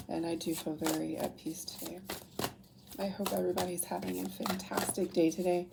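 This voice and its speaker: A woman's voice: fairly low pitch, level tone, brisk, gravelly, very noisy. A young woman doing a casual tarot reading and reading aloud from a book, often getting emotional, laughing and apologizing as she goes. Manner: emotional, laughs through tears, many apologies. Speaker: tarot reader.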